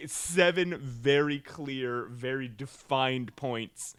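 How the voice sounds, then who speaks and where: A man co-hosting a comedy podcast, talking in an animated, rambling way and laughing often. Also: mid-range voice, slow pace, clear, resonant tone, dry recording. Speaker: podcast co-host.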